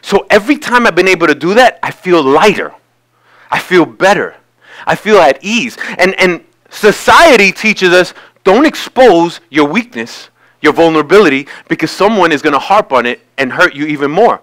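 Man, pastor, sermon in a church, high bright voice, conversational then emphatic. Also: expressive, normal speed. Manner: conversational preaching, rising to emphatic peaks. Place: church sanctuary.

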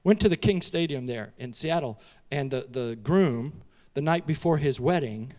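A middle-aged man preaching from the pulpit in a high, bright voice. He tells a story in an animated and emotional way, and he drops casual, slangy asides to his listeners as he goes. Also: moderate pace, lo-fi sound. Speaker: pastor. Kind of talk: storytelling sermon.

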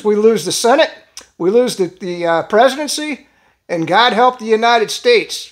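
A man with a notably high voice delivers a political commentary monologue. He talks bluntly and with emphasis, sounding alarmed as he presses his points. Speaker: channel host.

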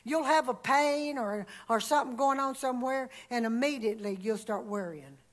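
A woman preaching a church sermon, swinging from loud emphatic calls to hushed asides. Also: a little high, moderate pace.

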